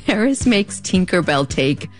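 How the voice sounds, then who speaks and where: A woman's voice: lowish voice, sing-song, unhurried, soft background music. A woman with a Mexican-American border accent, narrating in a wry, conversational way, a parent of a preteen. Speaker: podcast narrator. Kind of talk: scripted narration.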